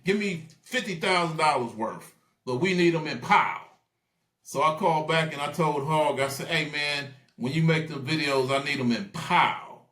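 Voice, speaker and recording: Animated storytelling man in an echoey room. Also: fairly high pitch, normal speed. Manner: animated storyteller acting out quoted voices. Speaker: guest. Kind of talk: casual storytelling interview.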